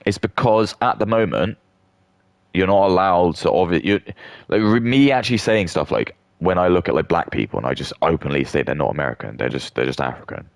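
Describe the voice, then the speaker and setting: A man's voice: sits low, a little fast, creaky, dry recording, studio quality. A British man in his thirties, talking in a rambling, blunt rant with frequent stammering restarts. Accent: British English. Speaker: streamer.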